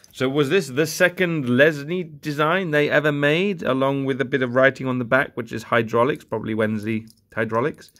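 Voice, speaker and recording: A young man, a toy collector vlogger, rambles jokily through a bag of old toy cars in casual unboxing commentary, muttering asides as he goes. His voice sits at a medium pitch with a fairly bright tone, and he talks at a moderate pace with hardly any pauses.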